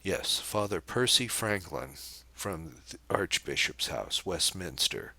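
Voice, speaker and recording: Guy reading as an earnest young priest, low and calm, dry close mic. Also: measured pace, vocal fry, dry recording, heavily acted. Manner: steady and earnest.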